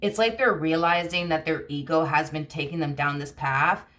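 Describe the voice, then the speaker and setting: A woman's voice: low voice, normal speed, a bit bright. A woman giving a casual tarot reading, rambling and blunt, full of fillers and the odd curse word. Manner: rambling, heavy "you know" and "like" fillers, blunt swearing. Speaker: tarot reader.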